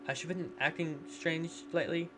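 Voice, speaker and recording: A man's voice: fairly high pitch, fairly even intonation, normal speed, voice pushed up, close to an everyday voice. A man reading a visual novel aloud, voicing a polite teenage girl who earnestly warns a friend to be careful. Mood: worried.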